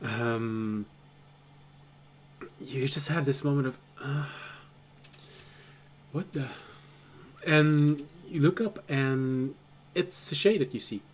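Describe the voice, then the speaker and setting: A man's voice: medium pitch, takes it slowly, pauses often, slight background noise. A man running a tabletop game as game master, narrating the scene and laughing often. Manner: laughs often, chatty and relaxed.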